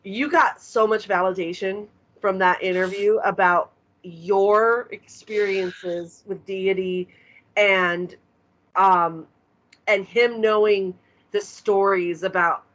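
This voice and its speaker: Supportive woman co-host, halting delivery, slightly muffled lo-fi recording. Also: mid-range voice, steady tone, fairly bright tone. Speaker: podcast co-host. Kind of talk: casual chat. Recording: slightly dull lo-fi sound.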